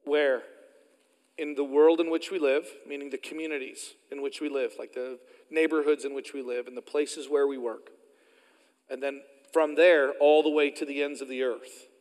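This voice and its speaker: A man with an Oklahoma accent preaches from the pulpit, his fairly high voice carrying a long reverb through the sanctuary. He tells stories in a folksy, self-deprecating way. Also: fairly even intonation, normal speed, darkish tone. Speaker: pastor. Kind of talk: sermon.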